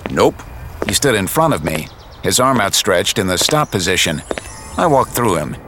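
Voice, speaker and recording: A man's voice: low-pitched, very animated, moderate pace, background noise. A man narrating a first-person detective audiobook in a wry, hard-boiled tone. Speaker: audiobook narrator and lead character.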